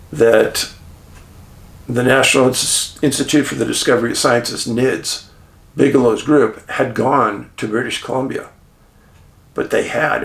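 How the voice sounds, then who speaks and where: Gravelly, animated male storyteller. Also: medium pitch. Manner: animated, chuckling, dramatic pauses. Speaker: documentary filmmaker recounting a shoot. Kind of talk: casual behind-the-scenes storytelling. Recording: roomy echo.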